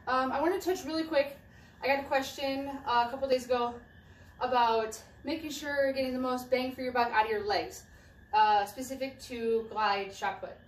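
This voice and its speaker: High-voiced woman coaching from afar. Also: steady tone, moderate pace. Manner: casual, repeats and restarts phrases while demonstrating. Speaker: track and field throwing coach. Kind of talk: casual instructional talk while demonstrating. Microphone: camera mic at a distance. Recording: distant camera mic with echo and faint ambience.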